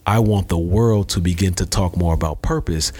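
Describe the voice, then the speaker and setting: A man talking as a podcast guest, an author and speaker who tells stories with animated energy. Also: sits low, normal speed. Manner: animated storyteller who acts out voices. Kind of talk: podcast conversation.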